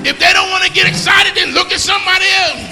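A man preaching a sermon, calling for responses and breaking into shouted, sung whooping. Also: very high voice, steady tone, fast talker, gravelly. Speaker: pastor. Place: church sanctuary. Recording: long hall reverb with music.

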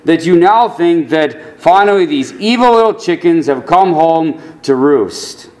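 A male pastor preaching a sermon, earnest, dropping to quiet low asides and rising to emphatic lines. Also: lively intonation, a little slow.

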